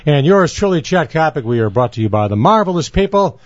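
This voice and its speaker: A man's voice: fairly high pitch, big pitch swings, a little fast, no echo, highs cut off. A man co-hosting a podcast, cracking jokes and tripping over restarts in casual comic banter. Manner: wisecracking, stammering restarts. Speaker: podcast co-host.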